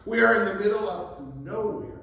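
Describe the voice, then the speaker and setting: A man's voice: high-pitched, expressive, moderate pace, a bit bright. A man preaching who voices doubtful, flustered male followers, speaking hesitantly and in disbelief. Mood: disbelieving. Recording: very echoey, distant mic.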